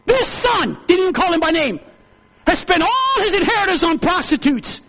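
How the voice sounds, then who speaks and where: Fervent male preacher, very high gravelly voice, builds his sermon with repetition and rising shouts. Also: very animated, moderate pace, rough recording.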